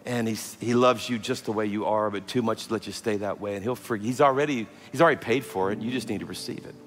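A man, preaching a sermon as pastor, telling stories that move from loud and animated to hushed and tender. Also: lowish voice, fast talker. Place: large church hall. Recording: long hall reverb with faint music.

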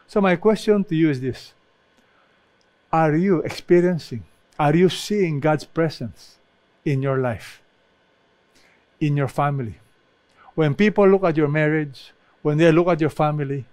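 A man's voice: fairly high pitch, darkish tone, no room sound. A man preaching a sermon as pastor, reading scripture aloud and stressing his points emphatically.

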